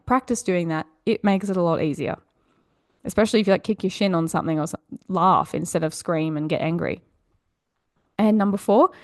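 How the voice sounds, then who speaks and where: A woman's voice: medium pitch, a little mellow, dry recording, clean studio sound. A woman hosting a self-help podcast, talking in an upbeat, encouraging, chatty way. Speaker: podcast host. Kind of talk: motivational podcast monologue.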